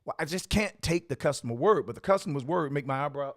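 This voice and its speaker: A coffee shop owner who hosts the show speaks in a fairly high, animated voice at a quick pace, telling stories and giving motivational advice. His style is emphatic, repetitive and preacherly, and the recording is dry and clean.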